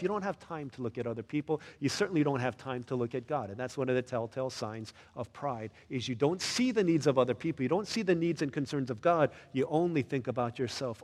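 A pastor preaching a sermon in a church, conversational and animated, often asking the listeners questions. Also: male voice, medium pitch, fast talker, few pauses, big-room sound.

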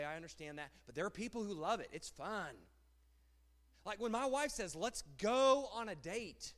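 A married man preaching a sermon as pastor, animated and rhetorical, often repeating phrases. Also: high-pitched. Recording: long hall reverb.

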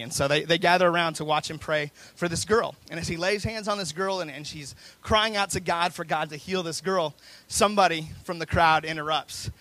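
A pastor delivering a sermon, his voice a bit higher than most men's and with a gravelly edge. He builds intensity through repeated, stacked phrases. The sound is close and dry, with no room echo. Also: sharp tone.

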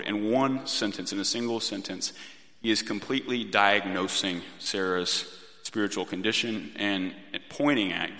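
A man in his thirties preaching a sermon in a gentle, reflective way, often restarting his phrases. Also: fairly low pitch. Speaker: pastor. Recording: long reverb of a church hall.

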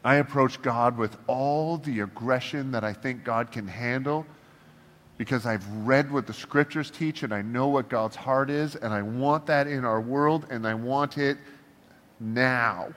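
Pastor, male, mid-pitched, casual and humorous preaching, acts out prayers, heard with a long hall echo. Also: a little slow. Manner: animated, humorous, acts out prayers to God in a shifting voice. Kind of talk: casual conversational sermon. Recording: long reverb of a large hall.

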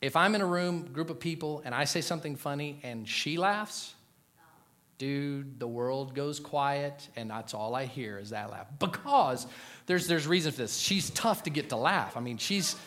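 A middle-aged man preaching a sermon to a congregation in a joking, animated way, swinging from loud punchlines to quiet, earnest asides. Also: fairly high pitch, moderate pace. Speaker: pastor.

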